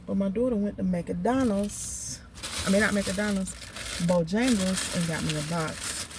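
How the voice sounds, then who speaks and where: A woman's voice: mid-range voice, unhurried, noisy background. A woman telling a story while eating in a casual food vlog, chatty and emphatic. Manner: chatty, emphatic, Southern US slang. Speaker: food vlogger.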